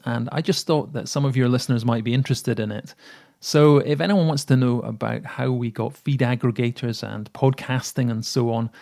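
A man's voice: medium pitch, creaky, a little mellow. A man with a Scottish accent from Edinburgh leaving a fluent, well-spoken recorded message for a podcast. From Edinburgh, Scotland. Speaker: caller, technical writer.

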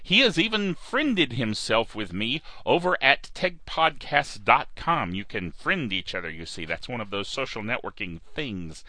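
A man's voice: mid-range voice, very animated, measured pace, hardly any pauses, pushed and bright, no room sound. A man hosting a podcast in casual, rambling chat, joking and drifting off track before finding his way back. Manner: jokey, wanders off track and back. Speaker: podcast host.

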